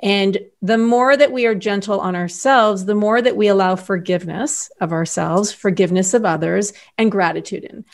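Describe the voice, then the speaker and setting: Animated middle-aged woman telling a story. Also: mid-range voice, moderate pace, hardly any pauses. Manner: animated storyteller, acts out quoted voices. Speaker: podcast guest. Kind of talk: casual interview chat.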